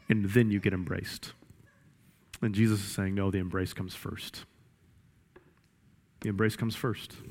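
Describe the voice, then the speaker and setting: A male pastor preaching a sermon in an emphatic style with lots of repetition. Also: fairly low pitch. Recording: echoey hall reverb.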